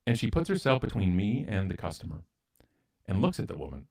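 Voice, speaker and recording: A man's voice: fairly low pitch, huge pitch swings, a little fast, vocal fry, a little mellow. A man from Canada, a guest speaker, telling a story in an interview in a blunt, self-mocking way and acting out both sides of the dialogue.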